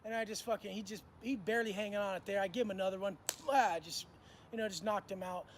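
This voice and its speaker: A man's voice: high voice, steady tone, quick pace, a little hiss or hum. A man telling prison stories in casual, profane street slang, acting out what people said. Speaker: storyteller recounting prison life. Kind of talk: casual storytelling monologue.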